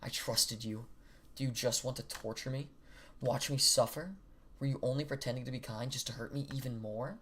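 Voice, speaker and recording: A man's voice: medium pitch, steady tone, normal speed, fairly bright tone, slight background noise, close to an everyday voice. A man reading a doting, obsessive schoolgirl. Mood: heartbroken. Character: sweet, obsessive teenage girl club president. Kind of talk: reading game dialogue aloud.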